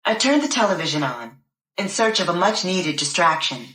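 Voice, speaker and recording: A woman reading a first-person novel aloud in a measured, deliberate way. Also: on the low side, very animated, bright, forceful tone. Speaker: narrator. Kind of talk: scripted first-person audiobook narration. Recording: roomy echo.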